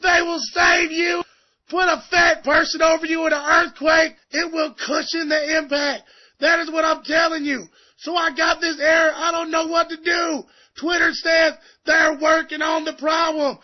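A man voicing a loud, furious overweight gamer who calls himself a reverend, in a profane comic rant. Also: very high-pitched, level tone, normal speed. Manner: ranting, profane, comic outrage. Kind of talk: comedic rant sketch. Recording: muffled lo-fi podcast recording.

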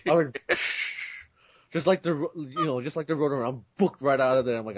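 A man chiming in with his side of the story in an animated, laughing way. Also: medium pitch, normal speed, no echo, lo-fi sound. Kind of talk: casual storytelling.

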